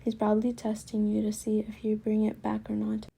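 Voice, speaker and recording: A woman's voice: medium pitch, monotone, fairly quick, vocal fry, dark tone, slightly rough. A woman reading the lines of an odd schoolboy who speaks in a fake British accent like a mock detective. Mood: mock-serious.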